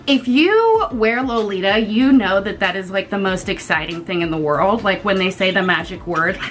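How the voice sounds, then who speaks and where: A young woman from the United States, casually telling a storytime vlog in an animated, chatty way and swearing freely. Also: mid-range voice, moderate pace, faint music behind. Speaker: vlogger.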